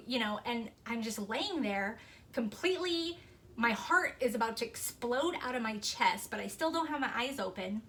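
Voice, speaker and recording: A woman vlogger telling a personal ghost story in a casual, animated, rambling way, full of "like" and restarts. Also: on the high side, normal speed.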